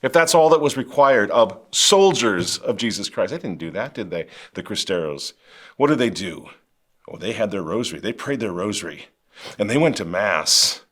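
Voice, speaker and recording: A middle-aged man hosting a show, delivering impassioned commentary that swings from quiet intensity to loud outrage. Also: fairly low pitch, lively intonation, normal speed. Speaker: show host.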